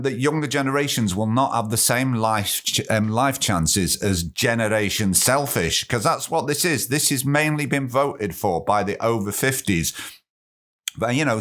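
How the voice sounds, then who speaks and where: A man's voice: on the low side, fairly bright tone. A man hosting his own podcast, giving opinionated commentary with sarcastic asides. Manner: opinionated, ranting, with sarcastic asides and put-on accents. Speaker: podcast host. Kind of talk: casual solo podcast commentary.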